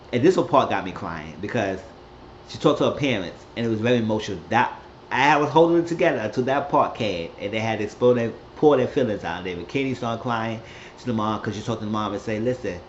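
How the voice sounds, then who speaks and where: A man recapping a TV episode in a loose, rambling way, jumping into characters' lines with a raised, lively voice. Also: muffled recording, slight background noise. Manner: rambling, acts out quotes with raised pitch. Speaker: recap host.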